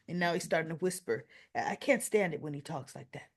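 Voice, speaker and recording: A woman's voice: lowish voice, expressive, moderate pace. A woman reviewer giving a casual, opinionated recap and acting out the lines she quotes. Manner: chatty, opinionated, acts out quotes. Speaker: soap opera reviewer.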